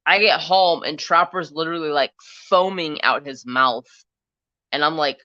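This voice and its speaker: A man hosting a craft stream, telling a rambling story in a casual, animated way and swearing freely. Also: on the high side, moderate pace, dry recording. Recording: slightly dull, lo-fi sound.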